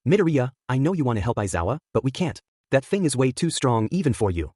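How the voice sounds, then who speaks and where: A man doing a level-headed teen girl in a storybook reading, calm and cautious. He reads quickly, with a dry, close sound. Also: mid-range voice, no room sound.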